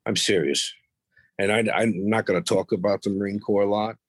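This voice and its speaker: Speaking briskly in a lowish voice with no room sound, this middle-aged man swaps profane, blunt tales of his earlier life as a podcast guest. He livens up when imitating what other people said.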